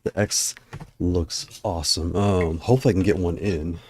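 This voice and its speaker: A man's voice: deep voice, fairly even intonation, normal speed, darkish tone, slight background noise. A man hosting a casual livestream, out of breath and chatting in a rambling way while he browses. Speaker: livestream host.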